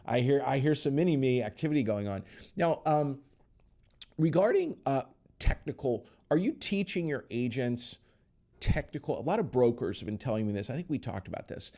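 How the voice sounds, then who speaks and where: A middle-aged man hosting a casual interview, talking in a lively way and acting out the voices of people he quotes. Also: medium pitch, normal speed. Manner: animated, acts out quoted voices. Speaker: podcast host.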